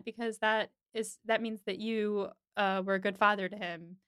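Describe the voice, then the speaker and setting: A woman's voice: mid-range voice, fairly even intonation, moderate pace, few pauses, a bit bright, smooth, no echo, studio quality. A woman hosting a casual podcast chat, animatedly retelling a TV episode and acting out the characters' lines. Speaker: podcast host.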